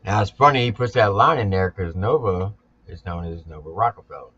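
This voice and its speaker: A man's voice: deep voice, fairly quick, a bit bright, muffled recording, slight background noise. A man hosting a casual reaction chat, blunt and a little profane, laying out his views patiently with questions. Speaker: reaction channel host.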